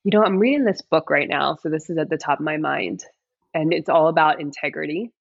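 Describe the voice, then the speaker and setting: Her voice sits low with vocal fry and a breathy edge, and she talks a little fast. This thirtysomething mother and coach gives an earnest, heartfelt podcast interview peppered with "like" and "right?", recorded with no room sound and dull audio.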